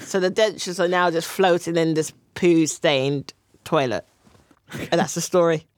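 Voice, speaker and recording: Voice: medium pitch, dry recording, studio quality. Rambling, laughing comedian. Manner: rambling, halting telling with laughs. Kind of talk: retelling a story on a comedy panel show.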